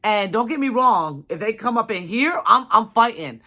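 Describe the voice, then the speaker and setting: A woman's voice: fairly high pitch, expressive, normal speed, bright, forceful tone. A young adult woman telling a personal story to her viewers in a casual, chatty way, full of "like" and "you know". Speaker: vlogger.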